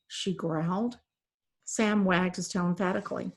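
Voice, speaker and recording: A woman reads a children's novel aloud, narrating in steady, even storytelling. Her voice sits at a middling pitch. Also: moderate pace. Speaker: reader.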